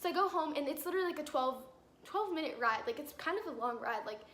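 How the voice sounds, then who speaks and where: Teen girl vlogger, high bright voice, exasperated storyteller, echoey room. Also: lively intonation, fast, a little hiss or hum. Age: teens. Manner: exasperated, filler-heavy retelling. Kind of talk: storytime vlog. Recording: roomy echo with faint ambience.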